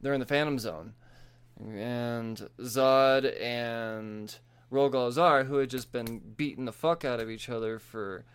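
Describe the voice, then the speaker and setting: A man with a smooth, resonant voice talks through the latest comic issues in a loose, casual recap. He swears freely and laughs often as he goes. His pitch sits in the middle of the range. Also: slow pace. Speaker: comic book reviewer.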